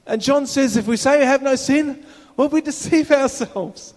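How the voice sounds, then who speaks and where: A man's voice: very high-pitched, moderate pace, darkish tone. A man preaching a sermon as a minister, in a conversational way with rhetorical questions, recorded in a church hall. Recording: reverberant hall.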